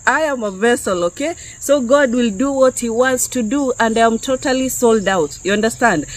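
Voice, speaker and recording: A Kenyan woman preaching on YouTube gives unscripted spiritual teaching to her viewers, chatty and conversational, peppering her talk with "yeah?" and "okay?" Her voice is a little high at a moderate pace. The recording quality is low.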